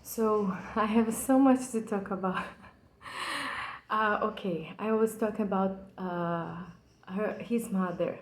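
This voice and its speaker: A channel host from Brazil, a woman with a medium-pitched voice and a Brazilian Portuguese accent, talks through a poem in English as a second language. Her slow, earnest explanation is passionate and hesitant, marked by frequent fillers and restarts, and the poor audio carries reverberation.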